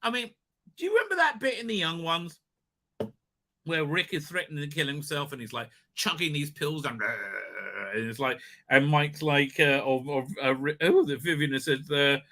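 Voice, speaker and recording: A man hosting a live stream, talking in a rambling, animated way, swearing and laughing often. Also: a little high, moderate pace, slight background noise. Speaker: livestream host. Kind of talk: casual live-stream chat.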